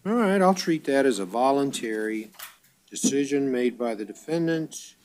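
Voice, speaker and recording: Guy judge running bond court, reads charges fast n flat, sneaks in dry jokes. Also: medium pitch. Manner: brisk procedural reading, dry wisecracks.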